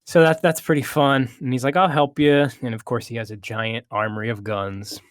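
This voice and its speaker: A man's voice: mid-range voice, brisk, no echo, studio quality. A man co-hosting a casual movie review chat, retelling the plot with hesitations and restarts.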